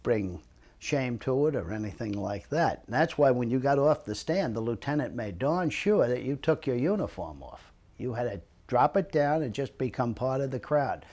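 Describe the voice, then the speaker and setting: An older man recalls his days as a lifeguard in a relaxed, conversational way. He slips into other people's voices as he tells his stories, and his voice sits at an ordinary middle pitch. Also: moderate pace. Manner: animated storyteller, acts out quoted voices. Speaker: retired lifeguard interviewee. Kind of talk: storytelling reminiscence.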